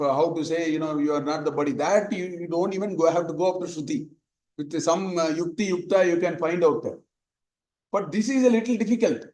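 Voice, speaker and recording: A man's voice: high voice, a little mellow, reverberant, poor audio. A man teaching a Vedanta lesson in a conversational, digressive way, telling stories and quoting Sanskrit verses. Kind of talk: spoken scripture lesson.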